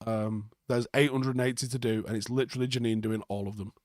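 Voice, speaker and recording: A man's voice: mid-range voice, fairly even intonation, quick pace, a little mellow, dry recording. A young man, hosting a live football reaction stream, reading viewer comments and answering them bluntly with plenty of swearing and sarcasm.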